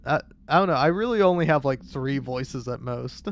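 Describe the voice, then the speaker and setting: A man's voice: mid-range voice, big pitch swings, a little slow, gravelly, slight background noise. A man casually commenting while playing a game, often laughing and repeating words as he stammers. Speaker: gamer reading in-game letters. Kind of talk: casual let's-play commentary.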